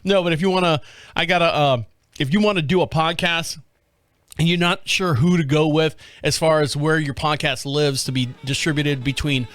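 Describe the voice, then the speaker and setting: High-voiced man rambling on a podcast. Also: steady tone, normal speed, a bit bright, no echo. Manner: rambling, with lots of repeated words and restarts. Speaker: podcast host. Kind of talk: casual storytelling.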